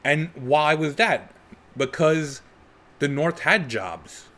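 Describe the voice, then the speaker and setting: A middle-aged man from Brooklyn with a New York accent, hosting a solo podcast and talking in an animated, conversational, rhetorical way. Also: fairly high pitch, slow pace. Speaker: podcast host and comedian. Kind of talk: unscripted solo podcast monologue.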